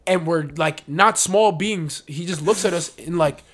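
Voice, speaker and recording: A man in his twenties telling a story in casual chat, animated and slangy, acting out what people said. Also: a little high, unhurried. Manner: animated, slangy, acts out quotes.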